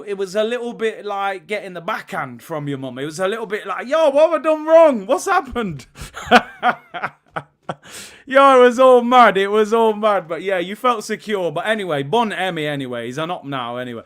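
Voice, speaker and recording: A man in his early thirties, possibly, hosts a live football stream. His voice sits high and bounces around a lot as he shouts out viewers and reads their super chats. The chat is loose and streetwise. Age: 30s. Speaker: host of a football watch-along stream.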